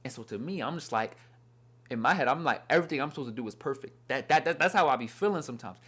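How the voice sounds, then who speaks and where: Young male Bible teacher, loose earnest rambler, animated up-and-down delivery. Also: medium pitch, fast, breathy edge. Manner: rambling, earnest, repeats "you know what I mean". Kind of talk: casual devotional talk.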